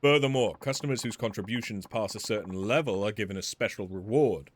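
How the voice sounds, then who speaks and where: A man voicing a calm, courteous master weapon smith in a video game, with formal, measured phrasing. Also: on the low side, a little hiss or hum, pitched below the performer's own voice, lightly acted. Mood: composed. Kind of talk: reading game dialogue aloud.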